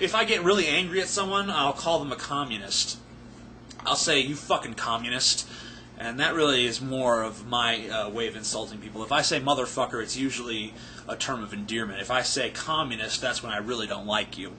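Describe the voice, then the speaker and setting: A man's voice: mid-range voice, sharp tone, a little hiss or hum. Foul-mouthed tipsy man ranting. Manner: profane, rambling, sarcastic. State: tipsy, not sober. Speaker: vlogger answering viewer questions. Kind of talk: casual rant to camera.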